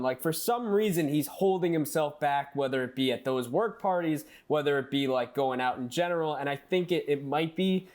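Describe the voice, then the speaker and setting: A man's voice: on the high side, moderate pace, few pauses. A man co-hosting a casual movie podcast, retelling scenes and acting out quotes. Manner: animated, acts out quotes in character voices. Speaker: podcast co-host.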